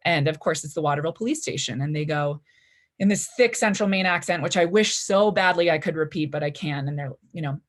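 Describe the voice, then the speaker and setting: Lower-voiced young woman telling a story on stage, chatty, lots of "like"s. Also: brisk. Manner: chatty, full of "like" and "you know" fillers. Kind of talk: live story slam storytelling. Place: library event stage before an audience.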